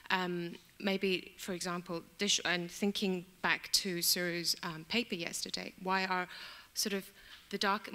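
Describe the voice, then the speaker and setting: Female audience member, low, flat, bright voice, long hall reverb. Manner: hesitant, searching for words. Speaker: audience member asking a question. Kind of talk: question from the floor.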